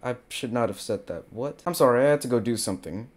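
A man's voice: mid-range voice, fast. A young man giving jokey, casual commentary while playing a game, talking to his viewers and turning frantic when he panics. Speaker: gaming video creator. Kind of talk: casual let's-play commentary.

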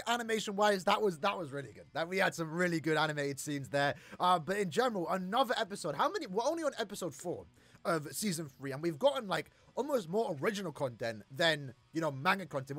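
A man hosting an anime reaction video, reacting loudly with shouts and drawn-out cries, then recapping in a calmer, rambling way. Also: on the high side, no room sound. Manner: hyped, shouts and stretches out words in dismay. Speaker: anime reaction channel host. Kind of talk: excited anime reaction commentary.

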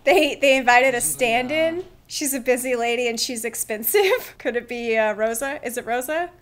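A woman hosting a drama reaction video, excitable and emotional, laughing and gasping often. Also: on the high side, normal speed. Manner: emotional, near tears. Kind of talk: casual drama reaction commentary.

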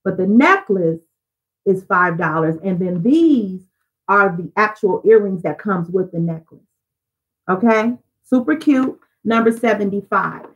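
A woman's voice: mid-range voice, animated, unhurried, highs cut off. A woman selling jewelry on a live stream, chatty and upbeat, talking straight to her viewers. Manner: chatty, upbeat, addresses viewers directly as "y'all". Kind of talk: live-stream sales pitch.

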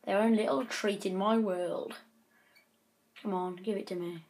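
A woman's voice: medium pitch, steady tone, a little slow, a little mellow. A woman giving chatty gameplay commentary, breaking into frequent frustrated outbursts. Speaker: gaming channel host.

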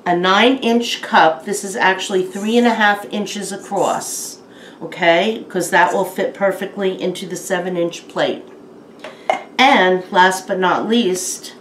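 Unhurried woman reading to kids. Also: on the low side, a little hiss or hum. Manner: patient, step-by-step instructions for kids. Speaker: children's librarian. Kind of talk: story time reading and craft demonstration. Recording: roomy echo.

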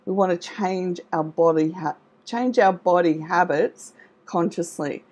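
A woman's voice: on the low side, measured pace. A middle-aged woman coaching an online audience, reassuring and encouraging, often checking in with "okay?" as she goes. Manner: warm, encouraging, reassuring, with frequent "okay?" and "all right?". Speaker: trauma recovery coach. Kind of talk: live online coaching talk.

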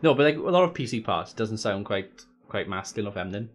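A man's voice: on the low side, expressive, fast talker. A man chatting casually on a gaming live stream. He jokes, swears freely and talks to his viewers as he goes.

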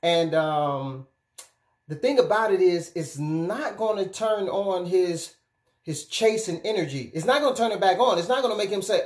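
Animated male life coach, echoey room. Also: sits high, moderate pace. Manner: animated, emphatic, repeatedly checks in with "okay?". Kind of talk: direct-to-camera advice monologue.

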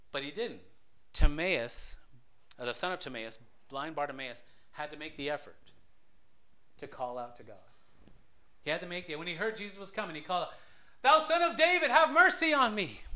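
Bright-voiced man preaching a sermon. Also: fairly high pitch. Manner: conversational storytelling, swells loud for emphasis; many restarts and stammers. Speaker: lay preacher.

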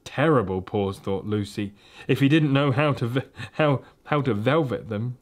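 A man reading a children's storybook aloud, in a gentle, steady and expressive way. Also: mid-range voice, normal speed. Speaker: reader.

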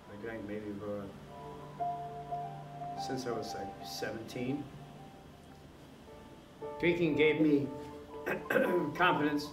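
A man's voice: medium pitch, rough recording. A man telling his own story in an interview, blunt and profane, often tagging "you know". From New York. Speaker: documentary subject. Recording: music under interview. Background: background music.

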